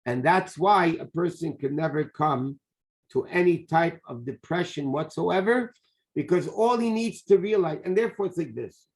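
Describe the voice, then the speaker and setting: A man, a rabbi, teaching a lively Torah class, repeating key phrases and sprinkling in Hebrew and Yiddish terms. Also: on the high side, normal speed.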